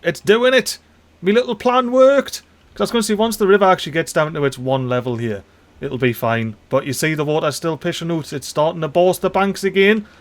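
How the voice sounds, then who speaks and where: A chatty, excitable man with a fairly high voice gives casual commentary over his own gameplay. He swears mildly, uses dialect slang and keeps talking straight to the little characters on screen. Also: fairly quick. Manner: excitable, talks to the game characters. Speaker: let's play host.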